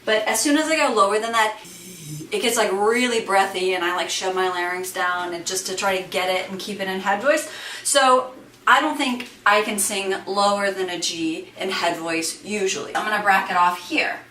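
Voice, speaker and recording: A woman singer and voice teacher talks through her vocal range in a relaxed, thinking-aloud way, full of "like" and "sort of". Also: mid-range voice, normal speed. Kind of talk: casual vocal demonstration. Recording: echoey room, distant mic, faint hiss.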